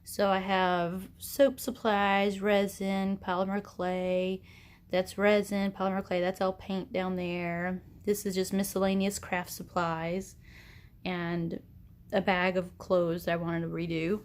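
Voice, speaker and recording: Speaking slowly in a level, mid-range voice, a sewing vlogger in her thirties or forties chats her way around her small home sewing room. She rambles and jokes at her own expense while filming on a phone held at arm's length.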